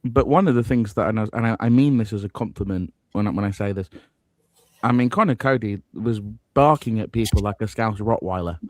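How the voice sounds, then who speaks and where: A man co-hosting a football podcast, talking in a lively, humorous and wry way. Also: on the low side, fairly quick, no echo. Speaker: podcast co-host. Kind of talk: casual football chat.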